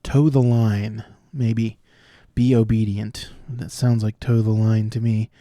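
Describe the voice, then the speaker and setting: A man solving cryptic crossword clues out loud, thinking through each one and explaining the wordplay as he goes. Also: fairly low pitch, level tone, takes it slowly, no room sound, studio quality. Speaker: puzzle solver.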